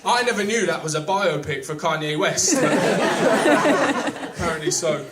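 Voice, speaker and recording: A young English man doing a stand-up set, talking in a halting, filler-heavy way with dry asides. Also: sits high, animated. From England. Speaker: stand-up comedian. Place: small comedy club with live audience. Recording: echoey room, far mic, loud crowd noise. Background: audience laughter.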